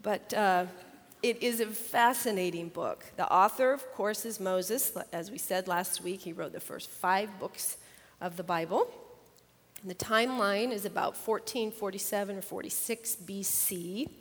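An older woman, a grandmother, chatting about her grandchildren and then teaching a Bible lesson, animated and laughing as she tells stories. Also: mid-range voice, measured pace, long reverb tail. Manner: chatty, animated, acts out children's voices with laughter. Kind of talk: casual storytelling and Bible lesson.

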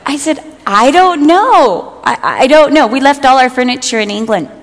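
A woman's voice: sits high, expressive, normal speed, slight background noise. Woman preaching in a reverberant hall. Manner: storytelling, acts out quoted friends with humor. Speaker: speaker giving a talk to women. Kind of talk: sermon with personal stories.

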